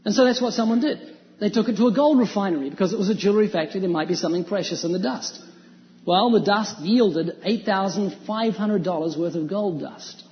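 High-voiced preacher in a reverberant hall. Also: male voice, brisk. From New Zealand. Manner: animated preaching, quoting scripture, acting out voices. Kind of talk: sermon. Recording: dull sound with long hall reverb.

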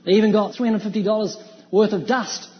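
A man from New Zealand preaching a sermon in an animated way, quoting scripture and acting out the voices of people in his stories. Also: high voice, brisk. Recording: dull sound with long hall reverb.

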